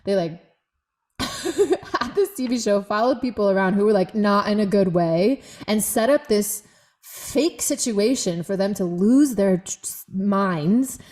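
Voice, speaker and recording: A woman talks as a podcast guest, telling personal stories with lots of expression and frequent laughter. She acts out the voices in her head as she goes. Her voice sits at a middle pitch. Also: lively intonation, a little slow, a little mellow. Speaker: guest, movement practitioner. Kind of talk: conversational podcast interview.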